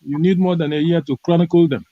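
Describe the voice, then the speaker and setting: A man speaking on a video call in an online discussion, emphatic and deliberate, with frequent fillers. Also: fairly high pitch, fairly even intonation, no room sound, muffled recording. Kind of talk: impassioned call-in commentary.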